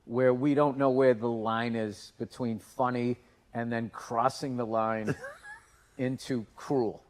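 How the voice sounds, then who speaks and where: A man's voice: mid-range voice, steady tone, slow pace, a little mellow. A man co-hosting a podcast, swearing freely and breaking into laughter as he tells a long family story. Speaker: podcast co-host. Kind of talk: casual chat.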